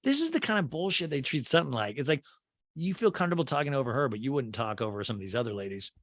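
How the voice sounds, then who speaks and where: A man hosting a comedic reality-TV recap podcast, sarcastic and quick to drop into character voices. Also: medium pitch, fairly bright tone. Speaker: podcast host.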